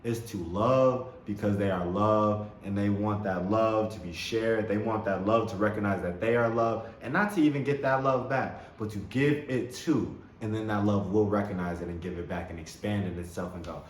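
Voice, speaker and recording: A man's voice: on the low side, normal speed, hardly any pauses. A man hosting a spiritual self-help talk, speaking with enthusiasm, repeating words and laughing often. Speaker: host. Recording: roomy echo with faint background noise.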